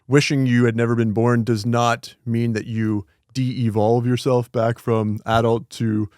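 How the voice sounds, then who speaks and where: A man's voice: mid-range voice, little pitch movement, unhurried, a little mellow, no echo, studio quality. A man co-hosting a podcast, casually chatting about a film and agreeing with his cohost. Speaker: podcast co-host. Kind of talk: casual movie review chat.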